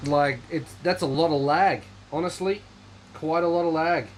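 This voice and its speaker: A man's voice: a little high, normal speed, slight background noise, poor audio. A man hosting a casual livestream chat, rambling in a dry, offhand way while reading viewer comments. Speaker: livestream host.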